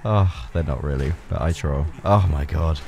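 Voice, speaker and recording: A young man giving excitable gameplay commentary, laughing a lot and swearing freely. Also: a bass voice, moderate pace, gravelly, dull audio. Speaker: gaming YouTuber.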